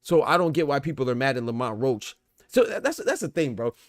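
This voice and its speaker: A man's voice: medium pitch, sing-song, fairly quick, dry recording. Man, American, boxing stream host, streetwise slang, rhetorical questions, repetitive emphasis, dry sound. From United States. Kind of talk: casual livestream commentary.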